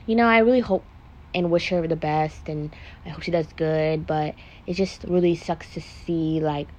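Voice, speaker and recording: A woman's voice: low-pitched, slight background noise. A young pregnant woman chatting casually and frankly on her podcast, swearing freely and filling her speech with "like". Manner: frank and profane, heavy use of "like". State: pregnant, emotional. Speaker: vlogger doing a makeup podcast. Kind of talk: casual confessional chat.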